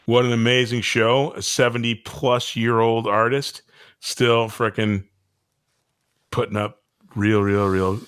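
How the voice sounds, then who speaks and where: A man's voice: medium pitch, little pitch movement, slow pace, fairly bright tone, clean tone. A man co-hosting a podcast, teasing and joking in casual banter. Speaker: podcast co-host. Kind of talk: casual chat.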